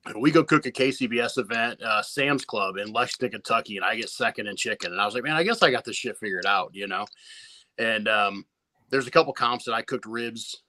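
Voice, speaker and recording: A man's voice: on the low side, fairly quick, sharp tone. A man who competes in barbecue, telling his story to a podcast host in a laid-back way, swearing freely and often restarting his sentences. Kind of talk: casual storytelling interview.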